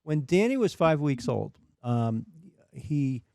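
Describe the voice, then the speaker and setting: Brief: middle-aged dad, lively storyteller, dry close sound. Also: male voice, mid-range voice, slow, vocal fry, no room sound. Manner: animated storyteller, acts out voices. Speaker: guest, father telling stories. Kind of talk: casual storytelling chat.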